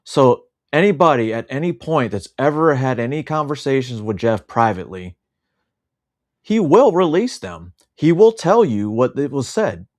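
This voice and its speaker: A man's voice: mid-range voice, big pitch swings, normal speed. A man co-hosting a livestream, speaking in an indignant, sarcastic way. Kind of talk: casual livestream chat.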